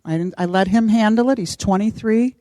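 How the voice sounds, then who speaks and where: A middle-aged woman casually telling a personal story, animated and acting out what others said. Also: medium pitch, brisk, no echo. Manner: animated, acts out quoted voices. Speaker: podcast co-host.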